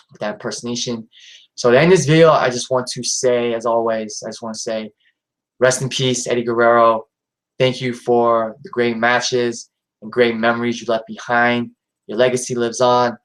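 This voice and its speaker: A man's voice: medium pitch, poor audio. A man hosting a live stream in a casual, rambling way, with lots of fillers and restarts.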